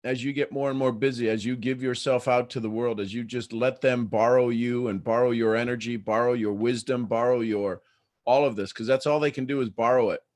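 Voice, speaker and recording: A man hosting a casual morning livestream, talking in an animated way and laughing often. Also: mid-range voice, a little fast. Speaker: host.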